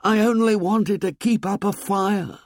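A man's voice: mid-range voice, big pitch swings, normal speed, darkish tone, husky, no room sound, studio quality, voice pushed up, full character voice. A man voicing a lonely hunted boy who talks in a thick, breathless, whispering way, in a storybook reading. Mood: desperate.

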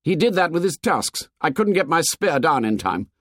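Male reader as a commanding, quick-tempered boy, high and loud, dry audiobook sound. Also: very animated, dry recording. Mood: defiant. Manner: commanding, shouted orders. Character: bossy hot-tempered schoolboy hunt leader.

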